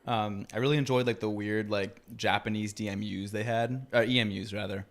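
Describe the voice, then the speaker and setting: A man's voice: fairly low pitch, steady tone, a little fast. A man in casual podcast chat, chatty and giggly, who hedges with ums. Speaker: podcast guest talking about trains.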